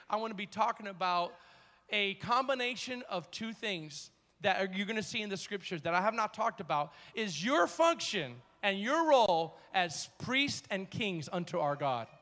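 Male pastor, emphatic sermon delivery, call-and-response, high bright voice, long church reverb. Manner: emphatic call-and-response preaching, slowing down on key words. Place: church sanctuary.

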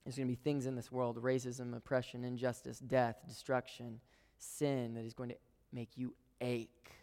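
A man preaching a sermon to a congregation he calls "guys", swinging between emphatic, loud lines and hushed whispers. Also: mid-range voice, level tone, normal speed, clear, resonant tone. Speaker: pastor. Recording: long hall reverb.

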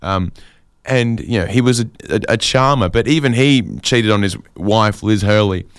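A man telling a long, wry anecdote in a casual, chatty way, with quick asides and fillers. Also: lowish voice, clear, resonant tone, no echo, studio quality. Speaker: storyteller.

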